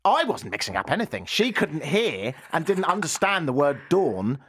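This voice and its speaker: A man's voice: fairly high pitch, sing-song, moderate pace, fairly bright tone, breathy edge, no room sound, studio quality. A British man hosting a radio talk show, teasing and exasperated in casual banter. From Britain. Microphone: studio microphone.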